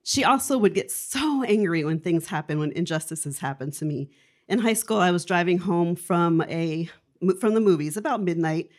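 A woman's voice: on the low side, darkish tone. A woman telling her own life story to a live audience in a candid, wry, conversational way. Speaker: storyteller on stage.

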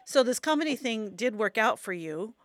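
A woman's voice: on the high side, very animated, moderate pace, dry recording, clean studio sound. A woman hosting an interview, asking brief, encouraging questions. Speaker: interview host. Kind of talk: radio interview.

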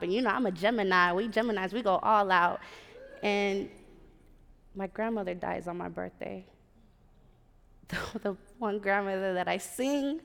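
A woman from Puerto Rico tells a personal story live on a theater stage into a stage mic. She is animated and throws in sassy asides to the crowd. Her mid-pitched voice carries a long hall reverb. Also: vocal fry.

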